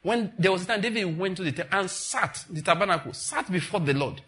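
Pastor, middle-aged, bright and fairly high voice, animated sermon delivery. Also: male voice, brisk. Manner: animated and conversational, acting out dialogues.

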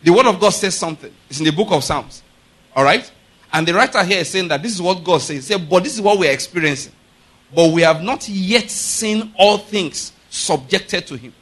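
In this sermon, a male pastor keeps checking whether the congregation is following him, his emphasis rising into loud, forceful proclamations. His voice sits high and is expressive, moving a little fast.

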